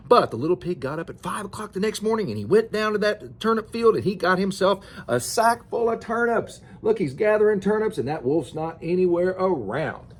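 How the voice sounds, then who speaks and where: An older man reading a picture book aloud to his grandchild, expressive and chatty, pointing out the pictures as he goes. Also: on the high side, brisk, husky.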